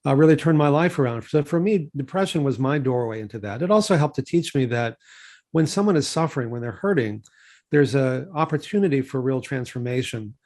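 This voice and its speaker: A man's voice: mid-range voice, brisk. Easygoing Texan man in his sixties. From Texas. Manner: relaxed, digressive, many fillers and restarts. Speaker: physician and researcher. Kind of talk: conversational interview storytelling.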